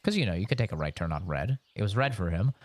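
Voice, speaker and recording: Animated man telling stories on stream. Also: sits low, quick pace, dry recording. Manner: loose storytelling with swearing and laughter. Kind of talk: casual chat while gaming.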